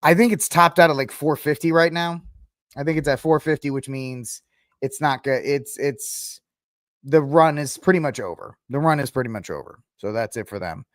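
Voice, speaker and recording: A man's voice: mid-range voice, normal speed, no room sound, clean studio sound. A man hosting a podcast, talking casually and rambling through opinions, mocking and exasperated at times. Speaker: podcast host. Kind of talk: casual commentary.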